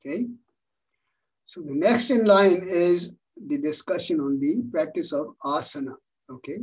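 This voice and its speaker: A man leads an online class on yoga philosophy, patiently repeating key words for emphasis. His voice sits a little high and has a husky edge. It comes over a video call and sounds set back from the microphone. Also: measured pace, distant mic, poor audio.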